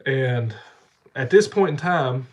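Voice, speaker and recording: Speaking slowly with lively intonation, this medium-pitched man is a channel host spinning folksy, meandering tales to the camera. He's congested from a cold and tends to repeat himself in this casual storytelling.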